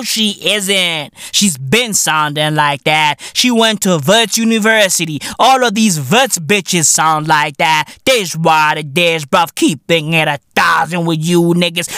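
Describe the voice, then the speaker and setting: Man, South African accent, podcast host, solo rant, heavy swearing, slang, low mutters to shouts, dry close sound. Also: no echo. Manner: heavy swearing, slang like "bruv", mixes in Sesotho phrases.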